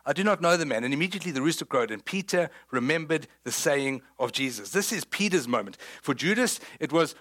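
A South African man delivers a sermon with a slightly higher voice. He tells the story with energy and humor, and breaks into the voices of the people he quotes. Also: expressive, fairly quick, few pauses, pushed and bright. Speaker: pastor.

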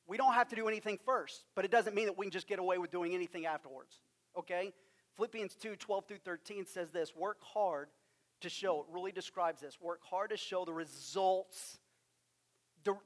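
A man with a West Texas accent preaching a sermon, emphatic, with drawn-out stresses and rhetorical questions. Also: high voice. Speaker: pastor.

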